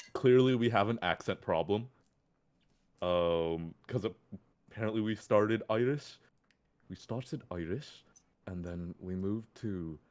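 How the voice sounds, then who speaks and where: A man playing in a tabletop game, rambling and self-deprecating, often laughing. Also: low-pitched. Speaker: player.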